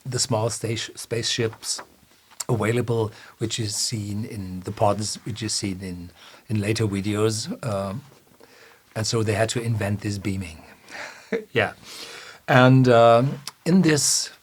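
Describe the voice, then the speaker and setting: Husky man, unhurried, halting whisky reviewer retelling a scene. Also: on the low side. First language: German. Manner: hesitant, many uh fillers and self-corrections, chuckles often. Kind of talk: casual retelling of a film scene.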